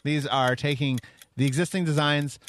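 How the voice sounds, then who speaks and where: A man's voice: on the high side, steady tone, normal speed, a bit bright. A man co-hosting a casual podcast, giving wry, opinionated takes. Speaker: podcast co-host.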